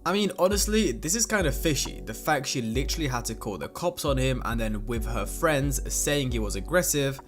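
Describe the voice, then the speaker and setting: Mocking male commentary narrator. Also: medium pitch. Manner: mocking, gossipy. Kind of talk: casual commentary voice-over.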